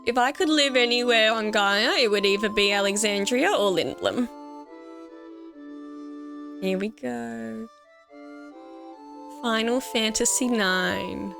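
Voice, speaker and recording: A woman in her thirties with an Australian accent, giving gushing, excitable commentary on a game she loves. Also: on the high side, moderate pace, hardly any pauses. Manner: excitable and gushing, laughs often. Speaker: let's play gamer. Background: faint game music.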